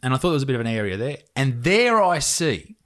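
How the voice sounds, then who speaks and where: A man's voice: mid-range voice, very animated, fast talker, a bit bright. A man spinning a story in casual podcast chat, with a mid-range voice. He swears freely and laughs often as he goes.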